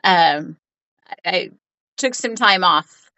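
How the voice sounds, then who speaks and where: A woman hosting a casual interview, asking relaxed questions between short supportive replies. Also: on the low side, takes it slowly, dry recording, lo-fi sound. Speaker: host.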